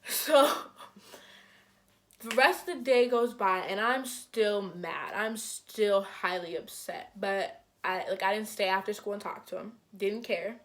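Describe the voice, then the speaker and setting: A young woman telling a storytime vlog in casual chat, acting out quoted lines with big jumps in her voice and lots of "like" fillers. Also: measured pace. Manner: animated, acts out quotes with big pitch jumps; frequent "like" fillers, conversational. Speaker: vlogger.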